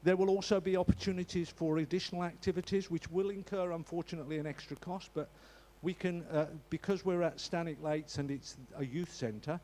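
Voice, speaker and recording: A man's voice: fairly high pitch, fairly even intonation, a little fast, few pauses, darkish tone, slight background noise. A man giving an informal church notice in a chatty, joking way, often restarting his sentences. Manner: chatty, jokey, with frequent restarts and stumbles.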